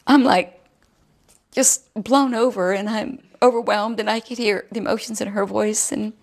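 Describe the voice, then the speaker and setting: A woman's voice: mid-range voice, steady tone, moderate pace. A woman in an interview who retells a phone call and quotes the dialogue as she goes.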